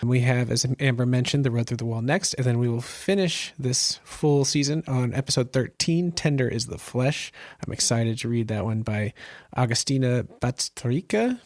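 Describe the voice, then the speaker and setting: A man co-hosting a podcast in casual chat, relaxed and laid-back. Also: mid-range voice, moderate pace, few pauses, no echo, studio quality. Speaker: podcast co-host.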